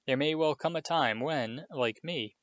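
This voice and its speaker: A man's voice: on the high side, a little slow, a bit bright, no echo, pitched above the performer's own voice. A man voicing a vain celebrity teacher with a jovial, pompous, hearty manner. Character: vain, booming grown male celebrity teacher. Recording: dull, dry lo-fi recording.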